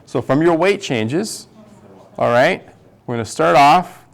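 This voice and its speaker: A man's voice: on the high side, animated, slow, vocal fry. A male tango instructor teaching a dance class, counting the steps aloud as he demonstrates them. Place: dance studio.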